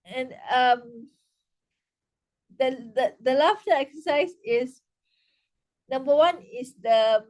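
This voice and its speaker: A woman with a high voice leads an online laughter yoga workshop. She talks slowly, stumbling through restarts and fillers, then breaks into loud rhythmic ha-ha exercises. She is heard over a video call. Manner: hesitant, halting with many restarts and fillers. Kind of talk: online interactive workshop talk.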